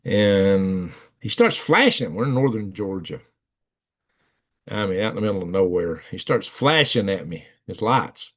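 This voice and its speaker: A man's voice: low-pitched, expressive, unhurried. Man hosting a live stream, middle-aged, rambling yarn-teller who chuckles and acts out the voices in his stories. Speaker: livestream host. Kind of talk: casual storytelling to live chat.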